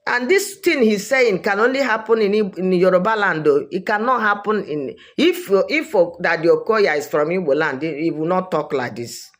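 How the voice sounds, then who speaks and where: A woman's voice: lowish voice, lively intonation, normal speed, hardly any pauses. A woman with a Nigerian accent giving opinionated social commentary, emphatic and repeating her points for weight.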